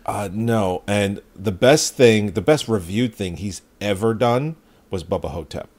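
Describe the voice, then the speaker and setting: A man co-hosting a casual movie review chat in a relaxed, matter-of-fact way. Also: fairly low pitch, a little slow. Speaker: podcast co-host.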